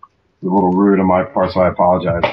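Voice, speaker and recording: A man's voice: deep voice, flat delivery, fast talker, phone-quality sound. A man hosting a podcast, chatting casually in a profane, rambling way. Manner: profane, rambling, breaks into mock voices. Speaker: podcast host. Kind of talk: casual chat.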